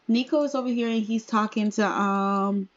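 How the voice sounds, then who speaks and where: A woman's voice: a little high, unhurried, muffled recording. A woman hosting a life-sim let's play, narrating in a chatty way with asides to viewers. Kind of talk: casual game narration.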